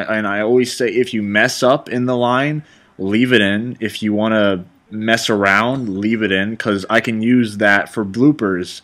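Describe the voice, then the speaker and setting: A man's voice: fairly low pitch, a bit bright. A man directing and hosting a casual commentary chat, rambling and enthusiastic as he talks.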